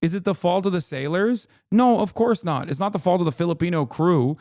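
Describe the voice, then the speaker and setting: A man's voice: high voice, fairly quick, darkish tone, dry recording, clean studio sound. A man hosting a livestream, losing his voice, giving heated, profane and exasperated reaction commentary into a desk mic. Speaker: livestream host.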